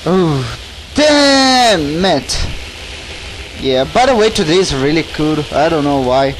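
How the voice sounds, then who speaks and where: A man from Brazil, talking casually over a game, jokey and self-mocking, with halting phrasing. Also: fairly high pitch, expressive, a little hiss or hum, low-quality recording. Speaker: let's play commentator.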